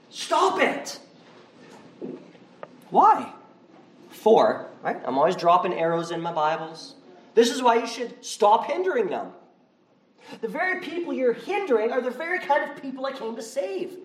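Animated preaching man, high lively voice. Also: unhurried. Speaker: pastor. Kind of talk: sermon. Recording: roomy, from far off the mic.

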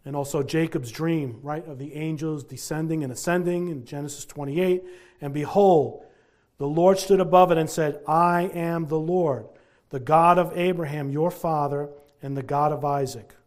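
A man preaching a sermon, reading scripture and explaining it in an earnest, deliberate way, slowing down on key words. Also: fairly high pitch, steady tone, darkish tone.

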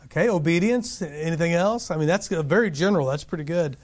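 Male pastor, earnest and animated, slightly raised natural pitch, teaches by asking the congregation questions. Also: fast talker. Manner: earnest and animated, frequent restarts, asks the room questions.

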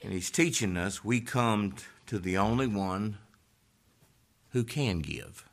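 A man preaching a sermon, rising to loud fervent peaks and dropping to hushed, low emphasis. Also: takes it slowly.

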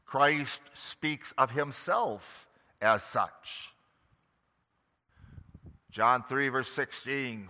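A man preaching a sermon slowly and emphatically, pressing hard on key words. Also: mid-range voice, bright, forceful tone, in a large hall. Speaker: pastor.

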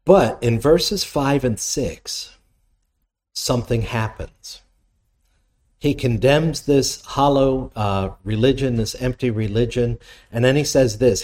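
A man's voice: mid-range voice, unhurried, a little mellow. A man preaching a sermon, teaching in a conversational way, reading scripture aloud and putting questions to his listeners. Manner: reads scripture aloud between explanations. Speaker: pastor.

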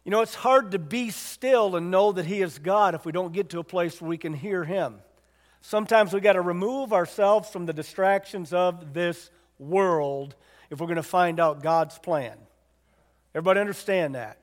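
This preacher has a high-pitched voice and a moderate pace, heard with a big-room sound. Speaking to the congregation in a conversational way, he retells a Bible story and asks them questions.

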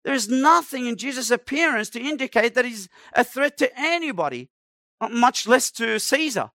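Male preacher, high-pitched, emphatic sermon delivery, dry close recording. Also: animated, moderate pace, sharp tone, no room sound. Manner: emphatic, dramatic preaching with acted-out quotes.

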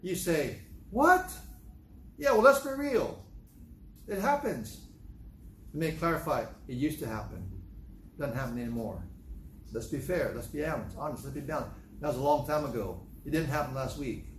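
Emotional pastor preaching in a roomy church. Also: male voice, medium pitch, brisk, slight background noise. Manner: emotional, with repeated phrases and sudden raised outbursts. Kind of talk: sermon.

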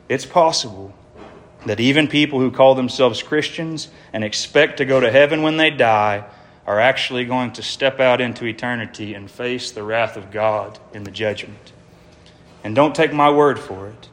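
A man's voice: mid-range voice, a bit bright. Earnest male preacher, emphatic sermon. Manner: earnest, emphatic, rhetorical questions. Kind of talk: evangelistic sermon.

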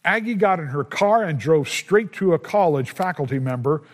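A man telling a story as part of a sermon, slow and deliberate, pausing often and sometimes stumbling over words. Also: a little high, expressive. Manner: slow, deliberate retelling with pauses and small slips. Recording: hall reverb.

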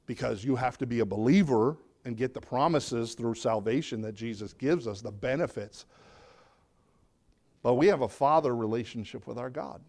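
A middle-aged man preaching a conversational sermon as pastor, dropping his voice low and quiet to drive points home.

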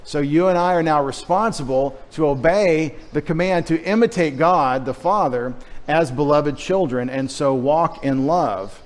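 A man's voice: fairly high pitch, measured pace, few pauses. A middle-aged man from Texas preaching a sermon with a light Texas accent, joking in chatty asides. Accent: Texan. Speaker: pastor. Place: church.

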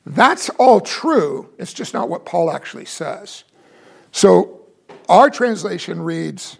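A man's voice: high voice, very animated, slow pace, vocal fry. A man teaching a Bible lesson, explaining and asking his listeners questions.

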